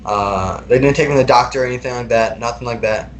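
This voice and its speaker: A young man speaks casually as a podcast guest, retelling his own experiences. His delivery wanders, full of fillers and restarts, at an ordinary middle pitch. A faint noise sits underneath the voice. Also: fast. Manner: casual, rambling, many fillers and repeated words. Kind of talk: recounting personal experiences in a podcast interview.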